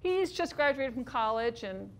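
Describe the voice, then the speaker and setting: A woman in her fifties performing an autobiographical one-woman stage show, telling her story in a wry, expressive way with dry humor. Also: fairly high pitch, normal speed.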